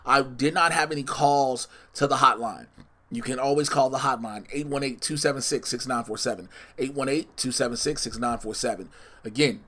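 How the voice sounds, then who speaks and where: A man's voice: medium pitch, moderate pace, sharp tone. A man hosting a solo podcast, chatting casually and in a scattered way. He often corrects himself and teases his listeners with spoilers. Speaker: podcast host.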